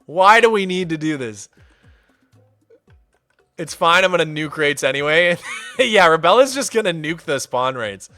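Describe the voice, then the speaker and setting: A high, bright male voice that leaps all over the place as he chats casually with his live audience. He is playful and quick to laugh, and he warmly welcomes viewers by name. Faint music plays softly behind him. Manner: animated, playful, laughs often; soft baby talk to his cat. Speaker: streamer. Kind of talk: casual livestream chat.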